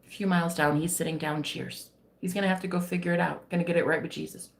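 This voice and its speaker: A woman's voice: fairly low pitch, steady tone, fast, vocal fry. An American woman chatting playfully on a livestream in a put-on English accent, rambling and joking. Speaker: livestream host. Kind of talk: casual chat.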